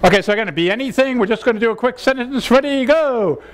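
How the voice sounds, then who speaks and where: A man's voice: very high-pitched, expressive, fast, some chatter behind. A man leading a humorous seminar workshop, playful and laughing as he coaxes the audience through exercises. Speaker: seminar leader.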